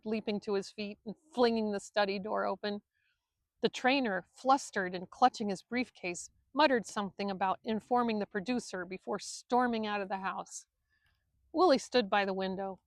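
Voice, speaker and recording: A woman's voice: mid-range voice, no echo. Woman reading her novel aloud. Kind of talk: audiobook narration.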